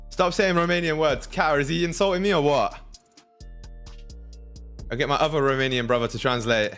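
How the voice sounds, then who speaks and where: A man's voice: fairly high pitch, fairly bright tone. A young man hosting a casual trading livestream, talking to his chat in a slangy, hyped way. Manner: slangy, hypes the chat, thinks aloud. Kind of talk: casual live-stream chat.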